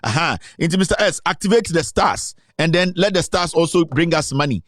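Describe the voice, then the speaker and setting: A man's voice: fairly high pitch, animated, a little fast, fairly bright tone, no echo, clean studio sound. A Ghanaian man hosting a live political talk stream, boastful and rambling, switching between Twi and English. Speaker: online show host.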